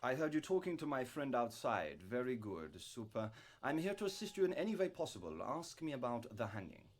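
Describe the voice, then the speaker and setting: An actor playing a smooth, polished male government official with a put-on French-sounding accent, in a video game. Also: mid-range voice, big pitch swings, a little fast.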